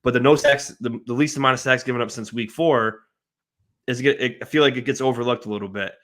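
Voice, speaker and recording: A man on a fan podcast making his case about the offensive line in animated, argumentative casual talk. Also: medium pitch, fast talker. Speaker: podcast panelist. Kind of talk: casual sports analysis.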